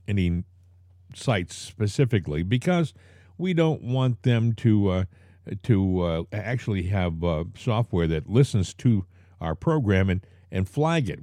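A man's voice: fairly low pitch, warm tone, no echo. A man hosting a talk podcast, speaking straight to his listeners and repeating the key points so they stick. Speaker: podcast host. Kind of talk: casual talk show chat.

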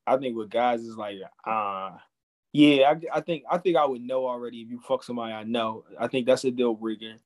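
Young male host, average pitch, blunt opinionated banter. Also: brisk. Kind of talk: casual chat.

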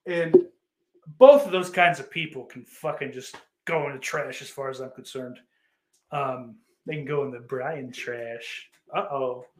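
A man's voice: mid-range voice, a little slow. Sarcastic, profane man in a roomy room. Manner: sarcastic, profane, bursts into mocking yells. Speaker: streamer reading chat comments. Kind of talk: casual crude rant.

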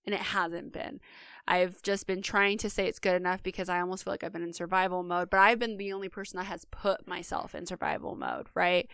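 A woman's voice: lowish voice, level tone, fairly quick, gravelly, a bit bright, clean tone, dry recording, studio quality. Earnest motivational woman podcaster. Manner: earnest, motivational, speaks straight to listeners. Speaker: podcast co-host. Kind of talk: casual podcast monologue.

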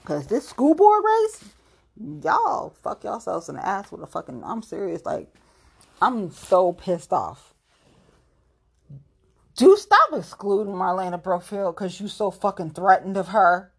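A woman's voice: mid-range voice, sing-song, a little slow, vocal fry, husky. A woman from Ohio, a local political activist, delivering a blunt, profane, confrontational rant to the camera. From Ohio, USA.

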